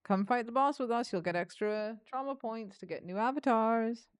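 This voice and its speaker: A woman's voice: a little high, normal speed, clean tone. A woman streamer chatting casually with her viewers, bubbly and welcoming. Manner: bubbly, chatty, greets chat warmly. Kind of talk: casual live-stream chat.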